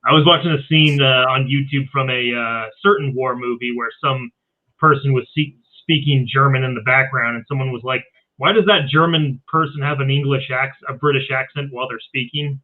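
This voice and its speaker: A man hosting a casual livestream chat, talking loosely with many filler pauses. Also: mid-range voice, fairly even intonation. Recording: tinny phone-like line.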